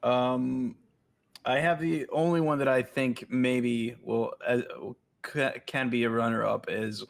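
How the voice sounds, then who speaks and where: A man's voice: medium pitch, fairly even intonation, slow pace, gravelly. A man co-hosting a casual podcast, speaking hesitantly with many filler words. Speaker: podcast co-host. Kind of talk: casual chat.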